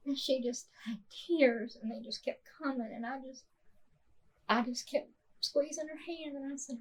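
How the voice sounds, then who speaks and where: A woman, hosting a podcast and telling a personal story softly, with many fillers and restarts. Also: sits high, steady tone, normal speed, slightly rough, poor audio. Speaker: podcast host.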